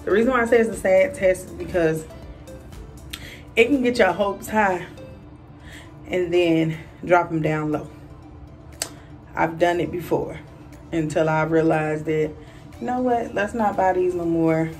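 A woman, chatting casually to camera in a vlog, a bit out of breath, with lots of fillers and animated quoted voices. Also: on the low side, measured pace, pauses often, far from the mic, poor audio. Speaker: vlogger. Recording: voice a little off-mic, faint music.

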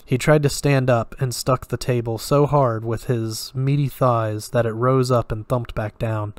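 Male story reader, steady even delivery, dry close sound, mid-range voice. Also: medium pitch, a little slow, no room sound. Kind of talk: audiobook-style story reading.

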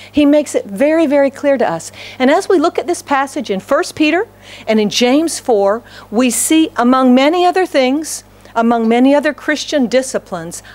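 Woman pastor, middle-aged, high voice, quick and emphatic sermon delivery. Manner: animated, emphatic, rising exclamations and repeated phrases; speaks quickly with frequent restarts.

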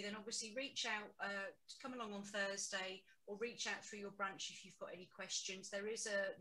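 A woman hosting an online meeting, friendly and brisk, thanking speakers and handing over. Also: medium pitch, pushed and bright, slight background noise, low-quality recording. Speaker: meeting chair. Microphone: video call mic.

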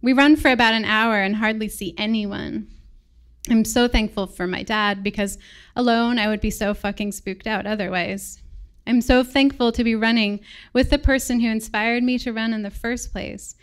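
A woman from England with an American accent, reading a personal story aloud on stage in a reflective, measured way. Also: on the high side, steady tone, clean tone.

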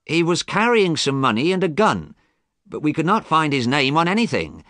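A man's voice: fairly high pitch, big pitch swings, moderate pace, a bit bright, no room sound, voice pushed up. Respectful official guy , a man reading him, raised voice, dry close sound. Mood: explaining.

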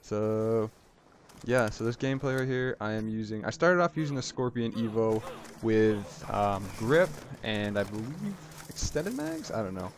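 A man with a slightly low voice talks over his gameplay footage, rambling and excitable as he retells each play. Game sounds run noisily underneath his voice. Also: unhurried. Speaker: gameplay commentator. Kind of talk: casual gameplay commentary. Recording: noisy game audio underneath. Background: game sound effects.

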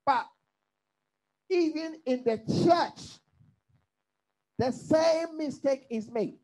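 A man's voice: extremely high pitch, very slow, a little mellow, poor audio. A man from Africa, a pastor leading a bible study, preaching emphatically with repeated phrases and questions to his listeners.

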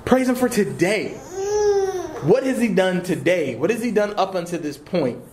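A young man in his twenties teaching a church class, conversational and animated, slipping into casual slang. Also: high-pitched, moderate pace, slight background noise. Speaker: Bible teacher.

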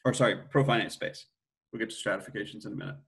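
A man's voice: lowish voice, fairly even intonation, very fast, a bit bright. A middle-aged man giving an academic mathematics lecture, thinking aloud with frequent restarts and self-corrections.

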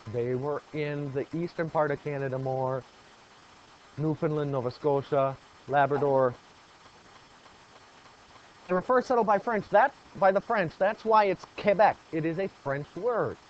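A man's voice: fairly high pitch, a little slow, slight background noise. A man teaching a geography lesson to a class, asking questions, praising answers and repeating key points. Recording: dull lo-fi classroom recording.

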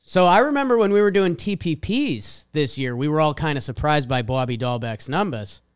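A man's voice: a little high, animated, normal speed, clean tone. A man with a Boston accent co-hosting a casual sports podcast, reading out stat lines with emphatic swings. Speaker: podcast co-host.

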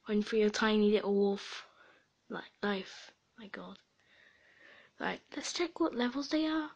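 A woman's voice: mid-range voice, expressive, measured pace, creaky, pauses often, highs cut off. A young woman giving casual, giggly commentary while playing an online game, often dropping into whispered asides. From Sweden and Britain. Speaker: gaming video creator.

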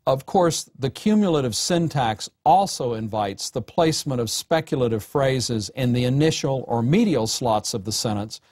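A male lecturer talks through a recorded lesson on sentence writing at an ordinary mid pitch. His delivery is measured and deliberate, slowing down when he reads examples. The sound is dry and close, with no room echo. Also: expressive, darkish tone.

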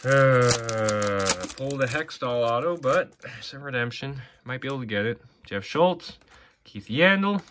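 A man's voice: mid-range voice, expressive, a little slow, fairly bright tone, a little hiss or hum. A man casually opening hockey card packs, reading player names off in a running list with offhand asides. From Canada. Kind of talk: casual box-break commentary.

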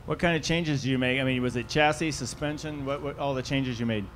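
Male moderator, mid-pitched, casual questions, faint background noise. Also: steady tone, a little fast, a bit bright. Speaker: press conference moderator. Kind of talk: asking questions at a press conference.

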